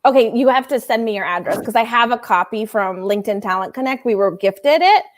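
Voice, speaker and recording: A woman with a slightly higher voice chats casually about recruiting over a video call. She tells stories in a loose, conversational way and laughs easily. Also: lively intonation, a little fast. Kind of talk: casual chat.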